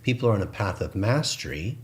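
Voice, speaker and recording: A man with a very deep voice co-hosts a spiritual talk show. He talks in a reflective, coaching way, like a gentle preacher. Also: big pitch swings, brisk. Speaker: co-host.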